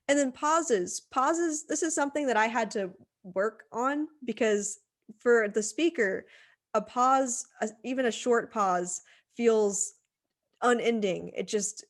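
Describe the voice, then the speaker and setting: A woman at a middle pitch teaches a lesson on presenting, speaking into a computer microphone. Her delivery is chatty and informal, full of "um"s and restarts as she explains each point. She sounds like an instructor talking to a class. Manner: conversational, many "um" fillers and restarts. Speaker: writing center instructor. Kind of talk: recorded lecture on presentation skills.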